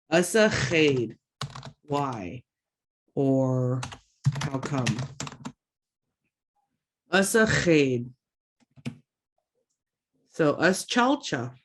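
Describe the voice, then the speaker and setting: A woman teaching a language lesson online through a computer mic, slowly repeating words for learners and adding chatty asides in between. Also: very deep voice. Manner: slow drawn-out word repetitions for learners; chatty asides with self-teasing.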